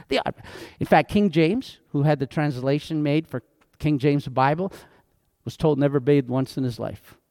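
Guy preaching a sermon, pretty high voice, lively, does little voices for quotes, dry close sound. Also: normal speed, no echo. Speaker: pastor.

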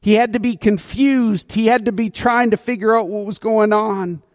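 A man's voice: sits high, fairly even intonation, normal speed, dry recording, clean studio sound. A male pastor preaching a sermon, retelling a Bible story and acting out the figures' voices.

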